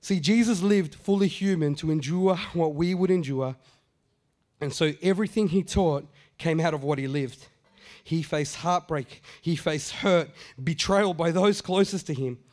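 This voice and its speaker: A middle-aged man delivers a sermon in a raised, light pitch. He talks to the congregation conversationally, stumbling into asides, then drives points home by saying them twice. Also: a little slow, a little mellow. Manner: conversational preaching, repeats phrases for emphasis, acts out quotes. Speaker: pastor.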